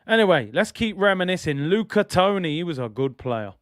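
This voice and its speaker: Excitable young man, slangy banter. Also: high-pitched, brisk, dry recording, clean studio sound. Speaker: watch-along streamer. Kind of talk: live football watch-along chat.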